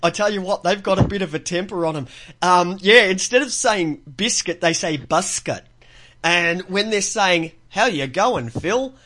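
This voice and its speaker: A man's voice: high-pitched, moderate pace, sharp tone. An Australian man calling in, swearing a lot and laughing through his mock outrage. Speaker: caller from the chat. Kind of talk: casual chat.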